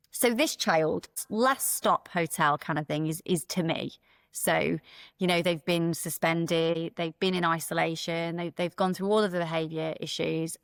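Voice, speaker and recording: A woman's voice: lowish voice, no room sound, studio quality. A middle-aged woman, a school principal, telling stories in a frank, earnest interview manner and often repeating words. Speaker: school executive principal, podcast guest. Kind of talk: conversational interview storytelling.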